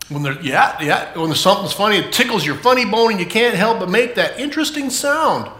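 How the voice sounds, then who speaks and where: Animated man giving a children's sermon. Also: high-pitched, a little fast, reverberant. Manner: animated, playful, asks children questions. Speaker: children's pastor.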